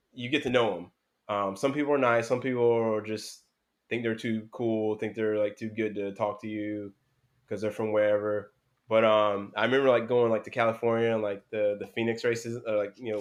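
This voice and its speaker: Rambling young man, pauses full of fillers. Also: fairly low pitch. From North Carolina, US. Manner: rambling, many fillers and restarts. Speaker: guest, former BMX racer. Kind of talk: casual conversational interview.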